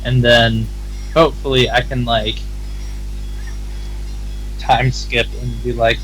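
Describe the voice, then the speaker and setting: A man's voice: medium pitch, flat delivery, slow pace, long pauses, fairly bright tone, soft background music, rough recording. Laid-back joking man at the game table. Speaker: player. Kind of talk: casual game chat.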